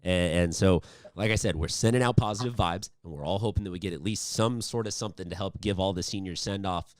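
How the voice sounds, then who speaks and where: Upbeat guy interviewing a player, lowish voice, dry close sound. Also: quick pace, no room sound. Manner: upbeat, chatty, rambling with restarts. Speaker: sports interviewer host. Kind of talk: casual interview.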